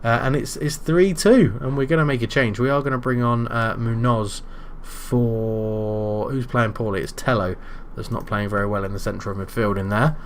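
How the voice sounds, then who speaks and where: A British man commentating his own football management game, calm between moves and shouting loudly when his side scores. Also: mid-range voice, moderate pace, hardly any pauses, slight background noise. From Britain. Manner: excitable, bursts into loud shouting at goals. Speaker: gaming YouTuber.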